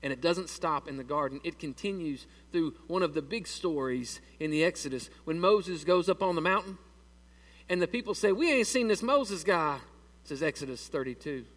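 A man's voice: fairly high pitch, moderate pace, far from the mic. A man preaching a sermon in a church in a folksy, conversational way and asking the congregation questions. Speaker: pastor.

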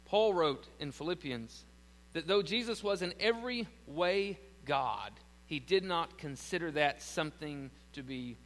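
A man's voice: on the high side, a bit bright, big-room sound, low-quality recording. A man with a Southern American accent preaching a sermon as pastor, building to emphatic lines and then telling stories with frequent restarts.

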